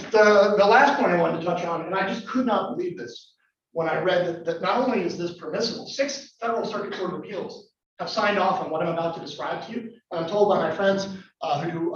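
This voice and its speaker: A man's voice: high voice, a bit bright, slight background noise. A man, a lawyer, giving a conversational, wry talk to a live audience and putting questions to them. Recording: echoey room from far off, dull sound.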